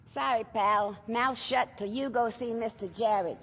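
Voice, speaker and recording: A woman's voice: on the high side, unhurried, a bit bright, faint music behind. A woman voicing a cheeky young girl who plays at being a cop, with a Boston accent. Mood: bossy.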